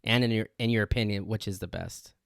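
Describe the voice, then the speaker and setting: A man's voice: lowish voice, quick pace, vocal fry, no room sound, studio quality. Laid-back man who keeps saying dude. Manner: says "dude" a lot, bursts into laughter. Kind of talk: casual chat.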